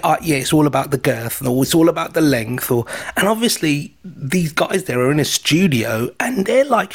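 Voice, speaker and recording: A man on a podcast with a fairly high-pitched voice, chatting casually. He is wry and jokey, and he rambles through his points with a laid-back humor. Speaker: podcast co-host. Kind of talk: casual chat.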